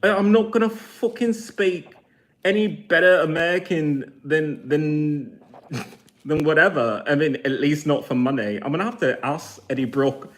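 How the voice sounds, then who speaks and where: A man's voice: on the high side, unhurried. A man in his forties, talking to camera in a blunt, mocking rant full of swearing. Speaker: vlogger.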